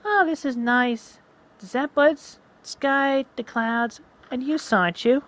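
A home narrator voicing a sweet, lovestruck young female character in a pitched-up cooing voice. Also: slow pace, fairly bright tone. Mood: affectionate.

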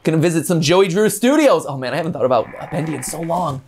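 A man hosting a gaming stream, telling an animated, casual story full of quick asides and restarts. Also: a little high, slight background noise. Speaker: host. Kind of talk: casual chat before a gameplay stream.

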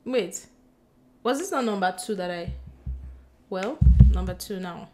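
A woman chatting excitedly to her camera as a book vlogger, bubbly and giggly, gushing as she goes. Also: mid-range voice, measured pace. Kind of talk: excited casual vlog chat. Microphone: compact camera mic.

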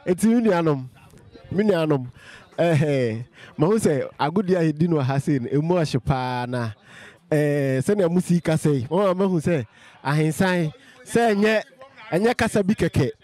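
A Ghanaian man with a Ghanaian accent hosting a casual street interview, asking lively, teasing questions. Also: a little high, moderate pace.

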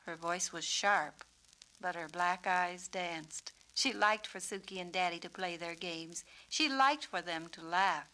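Bright-toned woman reading a storybook. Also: fairly low pitch, rough recording. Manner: clear, measured, descriptive. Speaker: author and narrator. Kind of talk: storybook narration.

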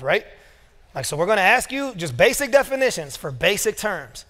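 High-voiced pastor in an echoing church. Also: male voice, big pitch swings, normal speed, a bit bright. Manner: storytelling with casual asides and quoted dialogue. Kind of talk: sermon. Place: church sanctuary. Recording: long reverb of a church hall.

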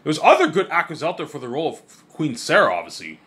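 A man talking casually and excitably in a rambling monologue, swearing freely and often stumbling and restarting his words. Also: on the high side, fast. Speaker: vlogger.

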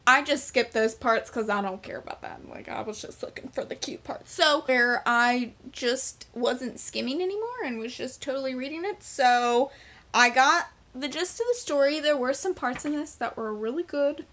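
A woman's voice: high voice, moderate pace, a bit bright. A young woman in her twenties chatting candidly and rambling as a book vlogger. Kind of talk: casual vlog chat.

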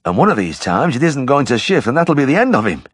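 A man's voice: medium pitch, sing-song, quick pace, no room sound, voice pushed up. A man voicing a worried grown man who fears his dog will die, in a strained, pleading way. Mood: anxious.

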